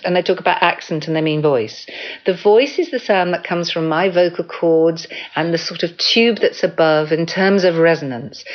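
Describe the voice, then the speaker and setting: A woman voice coach explaining things calmly in a radio interview, giving spoken examples as she goes. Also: lowish voice, dull audio.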